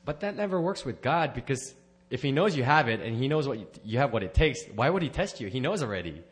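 A man's voice: mid-range voice, sing-song, quick pace. A man sharing a personal testimony at church, rambling and correcting himself, with small laughs. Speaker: church member giving a testimony.

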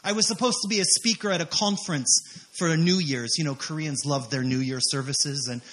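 Man, missionary preacher, sermon testimony, bright voice, higher pitch, animated, acts out quotes. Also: brisk.

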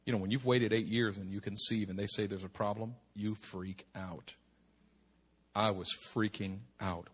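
A male pastor telling a personal story in a sermon, animated and self-deprecating. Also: fairly low pitch, moderate pace, slightly rough. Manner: animated, self-deprecating, chuckles between phrases.

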